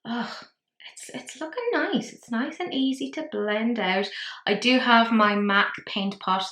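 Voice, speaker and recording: A woman's voice: on the high side, measured pace, bright, forceful tone, echoey room. A woman with an Irish accent, chatting her way through a makeup tutorial in a rambling, self-deprecating manner. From Ireland. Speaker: makeup vlogger.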